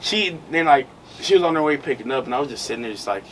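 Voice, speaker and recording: A man's voice: mid-range voice, lively intonation, quick pace, a bit bright. Young guy rambling a story on a podcast, lots of like and you know, far from the mic, ac hum behind. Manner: rambling, slangy, lots of fillers. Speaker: podcast co-host. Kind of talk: casual storytelling chat. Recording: distant mic with noise behind.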